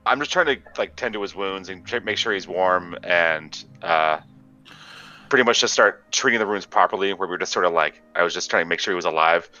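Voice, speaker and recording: A man's voice: low-pitched, sharp tone, highs cut off, soft background music. A man playing a tabletop game, describing his character's actions and snapping out orders in character. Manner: brisk and commanding when in character. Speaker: player. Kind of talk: tabletop role-play, half narrating, half in character.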